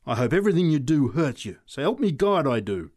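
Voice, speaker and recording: A man's voice: on the high side, big pitch swings, fairly quick, darkish tone, dry recording, clean studio sound, voice pushed up. A man voicing an old woman beggar who mutters fervently. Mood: savage. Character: old leathery-faced woman beggar, fervent then savage.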